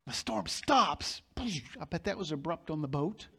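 A male pastor preaching a sermon, emphatic and storytelling, building his points to loud peaks. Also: on the high side, lively intonation, unhurried, creaky, husky.

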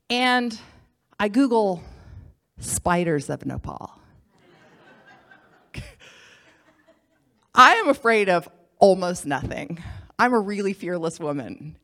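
Animated woman telling her faith story. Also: on the low side, slow, pauses often. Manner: animated storyteller, acts out quoted voices. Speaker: missionary speaker. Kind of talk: personal testimony talk.

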